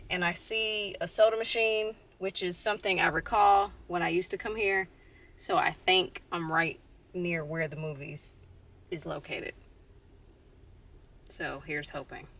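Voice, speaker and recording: Bright-voiced woman vlogging from her car. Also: on the low side, creaky, a little hiss or hum. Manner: chatty, self-mocking, slangy. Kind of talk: casual vlog chat. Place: parked car in a parking garage.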